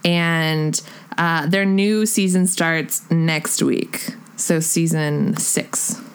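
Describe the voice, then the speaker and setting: A woman's voice: sits low, steady tone, drawn-out words, clean tone. A young woman co-hosting a podcast in a casual chat, talking in a giggly, rambling way with lots of fillers. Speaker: podcast co-host.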